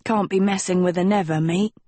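A woman's voice: on the low side, steady tone, brisk, dark tone, no room sound, lightly acted. A woman voicing a stern, slangy schoolboy who teases his friend bluntly. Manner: blunt, mocking. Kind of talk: audiobook character voice.

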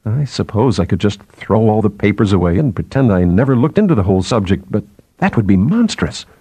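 A man voicing a distraught astronomer, husky. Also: big pitch swings, fairly quick, mellow, dry recording. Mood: anguished. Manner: distressed, pleading, voice rising high. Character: anxious male astronomer, devoted to his old mentor.

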